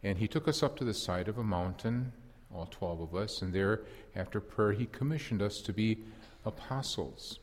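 A man's voice: on the low side, normal speed, big-room sound, close to an everyday voice. A man playing an impulsive apostle fisherman in a first-person dramatic monologue, telling his story earnestly and reflectively with wry self-deprecation.

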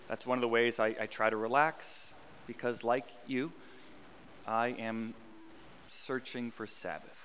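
Bright, clear-voiced pastor in a reverberant church. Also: male voice, on the high side. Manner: conversational, self-deprecating humor, repeats phrases for emphasis. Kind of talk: sermon. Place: church sanctuary.

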